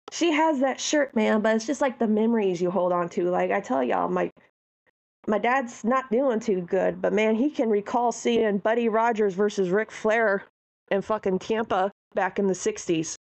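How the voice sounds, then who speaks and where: A woman co-hosting a podcast in casual chat, an animated and heartfelt storyteller. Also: mid-range voice, moderate pace, gravelly. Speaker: podcast co-host.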